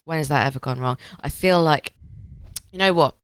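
A woman's voice: sits low, normal speed, clean tone, dry recording. A woman co-hosting a podcast, chatting casually and jokily as she recaps a TV episode, rambling and swearing. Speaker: podcast co-host. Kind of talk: casual chat recapping a TV show.

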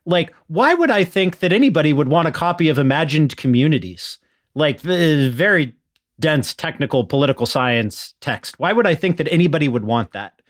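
A man in his thirties co-hosting a casual podcast, interjecting and joking with animated energy. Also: on the high side, normal speed. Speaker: podcast co-host. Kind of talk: casual chat.

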